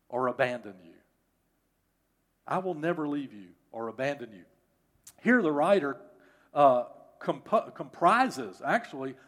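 Emphatic preacher, man, slightly high voice. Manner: emphatic, repeats phrases for stress. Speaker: pastor. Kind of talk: sermon.

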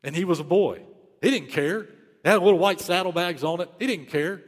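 A man's voice: high-pitched, moderate pace, long reverb tail. A man preaching a sermon, telling a story in an urgent, emphatic way and repeating key phrases. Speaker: pastor.

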